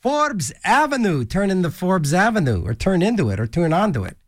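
Goofy, lively radio DJ man. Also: high voice, a little fast, no echo, clean studio sound. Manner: goofy, rambling, jokey asides and silly voices. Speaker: college radio DJ. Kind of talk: casual DJ banter. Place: small radio studio. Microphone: studio microphone.

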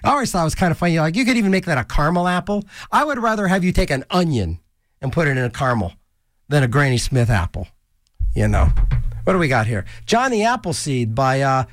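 A man's voice: on the high side, very animated, quick pace, no echo, faint music behind. A man hosting a college radio show from a small studio, rambling through silly, joking asides between songs. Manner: goofy, rambling, jokey asides and silly voices. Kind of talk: casual DJ banter. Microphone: studio microphone.

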